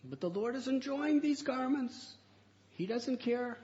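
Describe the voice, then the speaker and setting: A man's voice: very high-pitched, expressive, darkish tone. A man giving a devotional lecture, retelling a sacred story with emphatic repetitions. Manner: slow, emphatic, repeats words. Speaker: religious speaker. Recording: dull lo-fi recording with faint noise.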